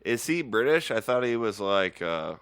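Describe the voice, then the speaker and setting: A man's voice: on the low side, very animated, normal speed, a bit bright, clean tone, no room sound. A man hosting a casual podcast, rambling and joking, swearing freely. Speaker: podcast host.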